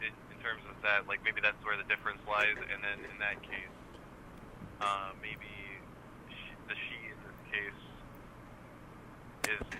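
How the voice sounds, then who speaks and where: A man's voice: fairly low pitch, noisy background. A man calling in to a podcast, thinking aloud in a hesitant, stammering way. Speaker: caller. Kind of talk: casual phone-in chat.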